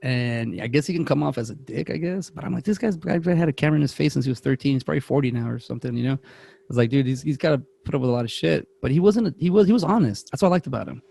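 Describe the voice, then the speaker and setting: A man's voice: medium pitch, racing, creaky, mellow, slightly rough. A young man, co-host of a podcast, telling rambling stories in casual chat and acting out the voices of people he quotes. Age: young adult.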